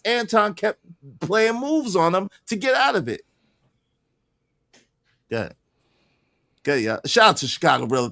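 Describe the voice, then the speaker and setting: A man's voice: on the high side, fairly bright tone. A man hosting a casual livestream panel, arguing his points insistently and repeating them for emphasis. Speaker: livestream host.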